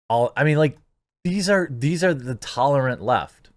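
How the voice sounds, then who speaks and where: A man's voice: mid-range voice, animated, a little slow, no echo, studio quality. A man hosting casual online commentary, rambling and incredulous, with frequent filler words. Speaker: YouTube commentary host.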